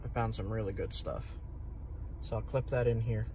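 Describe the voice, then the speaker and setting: A man's voice: on the low side, steady tone, normal speed. A man from Long Island, a bushcraft vlogger, talking casually to the camera in the woods by a creek. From Long Island, New York. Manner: chatty, talks to camera while searching rocks. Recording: noisy outdoor ambience.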